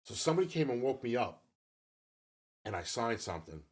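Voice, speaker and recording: A podcast co-host in his fifties tells a long, rambling story in casual conversation, swearing freely. His medium-pitched voice is very animated and brisk.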